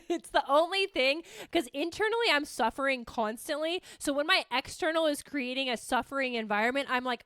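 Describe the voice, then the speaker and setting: Young woman podcast host, high bright voice, dry close sound; chatty, swears freely, jokes about herself. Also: a little fast, few pauses, smooth, dry recording. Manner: rambling, swearing, animated and self-mocking. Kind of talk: casual solo chat.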